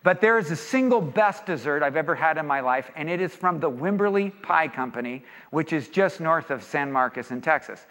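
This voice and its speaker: A man from California speaking to an audience, an animated and jokey storyteller, in an echoey hall. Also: fairly high pitch, fairly quick, few pauses. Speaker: speaker leading a seminar or sermon. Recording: echoey hall with long reverb.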